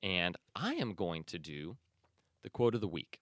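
A man's voice: low voice, big pitch swings, unhurried, fairly bright tone, no room sound, clean studio sound. A man hosting a podcast, talking in a conversational, emphatic way and correcting himself as he goes. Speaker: podcast host. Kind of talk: casual commentary and reading aloud.

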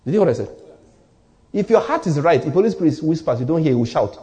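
Nigerian male pastor, fairly high, animated delivery, hammers points by repetition. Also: fast talker. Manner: emphatic preaching, repeats key lines, drops to near-whispers. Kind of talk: sermon.

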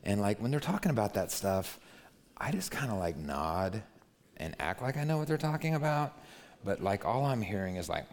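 Animated pastor in a reverberant hall. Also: male voice, mid-range voice. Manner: conversational storytelling with quick asides and soft dropped-voice quotes. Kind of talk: sermon.

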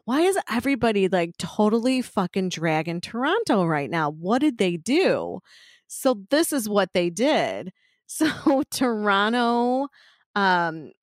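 A woman's voice: medium pitch, no room sound, studio quality. A woman co-hosting a podcast in casual chat, rambling and swearing with frequent laughs. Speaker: podcast co-host.

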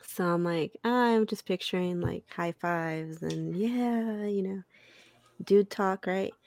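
Low-voiced woman in a dry recording. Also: slow pace, creaky, darkish tone, no echo. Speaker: storyteller. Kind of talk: casual chat.

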